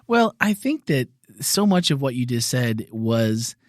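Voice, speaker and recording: A man co-hosting a church podcast in casual chat, dropping quick interjections and turning reflective when he talks longer. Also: mid-range voice, big pitch swings, no echo, studio quality. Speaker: podcast co-host.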